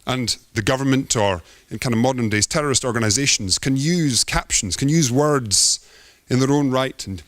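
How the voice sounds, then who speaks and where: A man's voice: mid-range voice, normal speed, hardly any pauses, a bit bright, no room sound, studio quality. A man giving a theatrical, poetic performance talk as an artist on stage.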